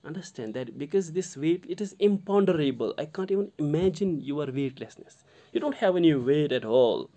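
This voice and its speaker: A man with a Kashmiri English accent explaining a poem line by line to students, halting often and repeating himself. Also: a little high, animated, warm tone. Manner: halting, many fillers and restarts, addresses the listener directly. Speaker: literature teacher.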